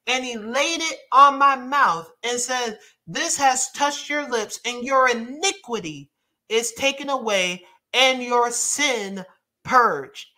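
A man's voice: very high voice, animated, takes it slowly, pushed and bright. A man preaching a sermon, reading scripture aloud emphatically and breaking into casual asides to his congregation.

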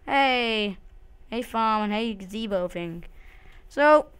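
A woman's voice: fairly high pitch, animated, takes it slowly, fairly bright tone, clean tone. A woman giving casual, jumpy commentary while she plays a game, swearing often and talking to herself and to the game. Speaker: let's play host.

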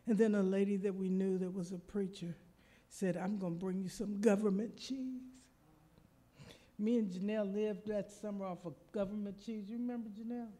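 Telling a personal story from the pulpit of a church, a woman preacher animatedly voices the people in it. She speaks at a medium pitch and normal speed.

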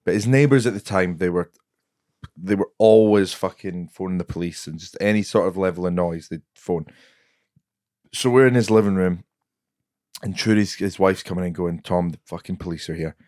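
A low-voiced man telling rambling, swear-laden stories as a comedian guest on a podcast. His delivery is loose and casual, full of fillers. The sound is dry and close to the mic. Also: moderate pace, darkish tone, dry recording.

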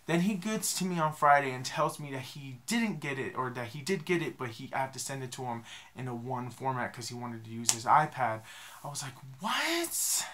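A young man vlogging, telling a rambling, self-deprecating story in a casual, animated way. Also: medium pitch, brisk, slight background noise.

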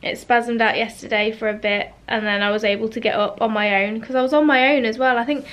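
A young woman from the UK talks to her camera in a loose, rambling vlog, hurting from back spasms and worn out from a sleepless night. Her voice sits a little high, and she fills her sentences with ums and soft laughs. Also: steady tone, brisk. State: in pain from back spasms, tired and weepy. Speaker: vlogger. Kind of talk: casual personal vlog.

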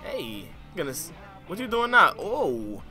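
A young man giving excitable, joking let's play commentary in slangy casual speech. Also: fairly high pitch, unhurried, music in the background. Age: young adult. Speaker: gamer.

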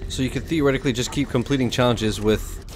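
A man casually commentating his gameplay in a chatty, rambling, excitable way. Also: mid-range voice, fast, a little hiss or hum. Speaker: gaming streamer. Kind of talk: casual let's-play commentary.

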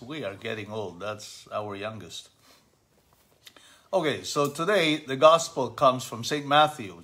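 A middle-aged man, a father, giving a casual commentary on a gospel passage to his family, halting with many fillers and easy chuckles, and asking animated questions. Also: medium pitch, slight background noise. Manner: reads scripture aloud, then explains with animated questions.

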